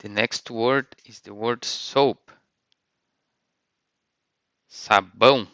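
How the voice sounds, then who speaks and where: A man teaching vocabulary in a lesson, saying each word slowly and clearly and repeating it twice. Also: medium pitch, sharp tone, no room sound, lo-fi sound. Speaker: language teacher.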